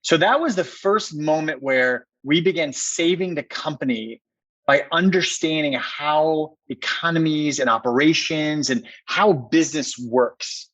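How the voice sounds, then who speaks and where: A man's voice: on the high side, fairly bright tone, muffled recording. A middle-aged man from Minneapolis telling a personal story as a podcast guest, earnest and emphatic, often restarting his sentences. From Minneapolis, USA.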